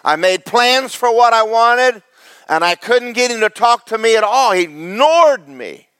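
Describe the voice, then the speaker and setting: A man, pastor of a church, preaching a sermon with big swings between loud, fervent highs and low, joking asides to the congregation. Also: expressive, measured pace, clean tone, no echo. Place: church sanctuary.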